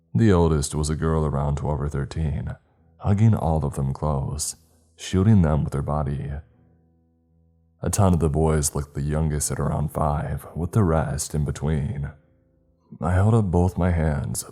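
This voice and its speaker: A man narrating a first-person horror story in a steady, measured reading. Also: very deep voice.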